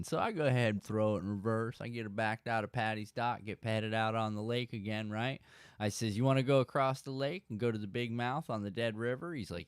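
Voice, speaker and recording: A man hosting a casual fishing livestream, telling a story with animated emphasis and chatting to viewers. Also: medium pitch, normal speed, clean tone, dry recording, clean studio sound. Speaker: fishing channel host.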